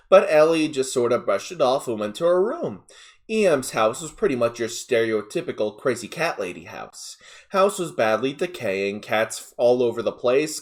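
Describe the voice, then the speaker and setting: Male narrator reading an online story; animated, lively pitch, mid-range voice, casual asides.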